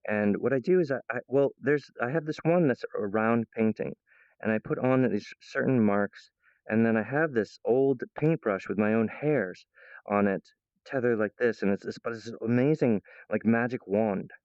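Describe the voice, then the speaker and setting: A man's voice: medium pitch, moderate pace, a little mellow, smooth, dry recording, muffled recording. A man vlogging at home in a meandering, playful monologue full of restarts, stray thoughts and silly voices. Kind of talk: rambling casual monologue to camera. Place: at home, in the kitchen.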